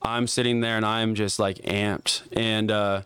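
Low-voiced young man telling a wild story. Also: a little slow, clean tone, dry recording, studio quality. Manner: profane, animated storyteller with many "like" fillers. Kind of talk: casual podcast storytelling.

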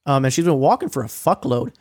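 A man's voice: mid-range voice, animated, fast talker, darkish tone, no room sound, studio quality. Rambling, profane young man. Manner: profane, rambling storytelling with many fillers; acts out quoted lines with a raised voice. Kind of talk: casual recap of a streamed game.

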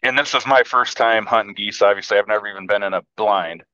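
A man recalling his first goose hunt in casual chat, halting and restarting often. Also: on the low side, pushed and bright, no echo. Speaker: hunting buddy. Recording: muffled lo-fi recording.

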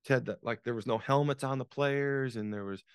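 Gravelly man in his sixties telling stories. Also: mid-range voice, a little fast, no room sound, studio quality. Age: 60s. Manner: dramatic, repetitive, frequent restarts. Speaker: podcast guest, author and business coach. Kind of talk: conversational storytelling.

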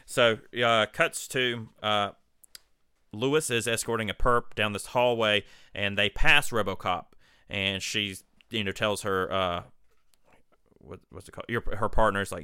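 Podcast co-host, male, low and bright-toned, dry mic, retells scenes in lively profane chat. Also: a little slow, no echo. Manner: retelling scenes, quoting lines in gruff voices, swears a lot. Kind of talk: casual movie recap chat.

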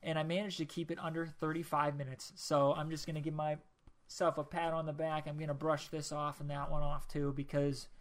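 A man's voice: on the high side, flat delivery, fairly quick. A young man hosting his own podcast alone, rambling casually with lots of ums and jokes at his own expense. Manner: rambling and self-deprecating, with many ums. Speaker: podcast host.

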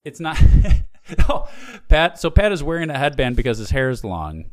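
A man hosts a casual comedy podcast in a middle-pitched, everyday voice. He rambles and jokes with his co-hosts, trailing off into "like" and "you know" as he goes. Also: very animated, moderate pace. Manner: rambling, joking, frequent fillers. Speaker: podcast host.

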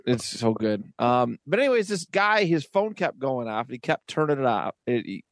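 A man co-hosting a podcast, telling stories in a rambling, animated way with lots of restarts. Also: mid-range voice, normal speed, no echo, studio quality. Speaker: podcast co-host. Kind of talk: casual chat.

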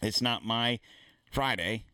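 A man's voice: medium pitch, slow pace, bright, forceful tone, clean tone, no echo. A man hosting his own show, ranting in a rambling, blunt and profane way with many false starts. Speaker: podcast host. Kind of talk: casual ranting monologue.

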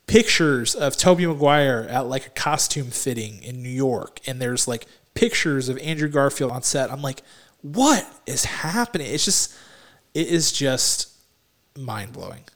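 A man co-hosting a casual movie podcast, excitable and gushing, with many "like"s and restarts. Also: medium pitch, unhurried. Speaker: podcast co-host.

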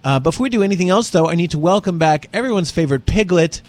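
Lively comedian hosting his podcast. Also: sits high, fast. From New York-based. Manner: playful, drifts into joking accents. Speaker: podcast host. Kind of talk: casual comedy podcast chat.

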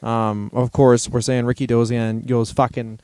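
A man's voice: mid-range voice, level tone, unhurried, darkish tone, dry recording. A man co-hosting a comedy podcast, telling stories in casual chat and laughing often. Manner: storytelling, reads out history passages, laughs often.

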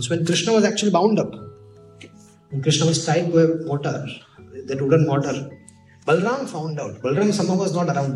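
A man telling devotional stories in an animated sermon. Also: on the high side. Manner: animated, switching into Hindi and acted voices. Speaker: preacher. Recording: echoey hall, voice off mic, faint music.

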